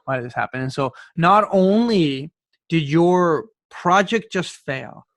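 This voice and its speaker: A Canadian man in his twenties, a podcast guest telling his story in an animated way and often repeating words as he starts a sentence. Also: fairly high pitch, unhurried, no room sound. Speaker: podcast guest, youth speaker. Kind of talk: storytelling in conversation.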